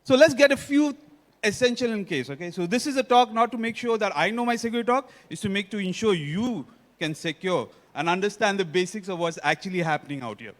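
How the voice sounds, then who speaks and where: A man's voice: high voice, animated, fairly quick. A man with an Indian accent giving a technical conference talk, often quizzing the audience. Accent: Indian English. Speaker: conference speaker. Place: conference hall stage. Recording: long reverb of a conference hall.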